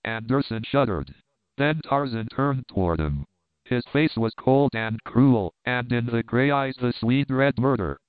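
A man reading an adventure novel aloud in steady, measured narration. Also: medium pitch, smooth, no room sound. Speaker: audiobook narrator. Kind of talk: scripted narration. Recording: tinny phone-like, dry.

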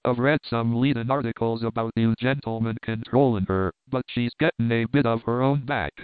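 A man reading a slow, offhand adventurer lord. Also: mid-range voice, steady tone, smooth, dry recording, natural voice. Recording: dry, phone-like narrow sound.

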